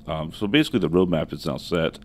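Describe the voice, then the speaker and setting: Deep-voiced man giving casual podcast updates. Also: animated, a little mellow. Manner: plain explaining, with halting fillers. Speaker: podcast co-host. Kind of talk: casual chat. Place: office.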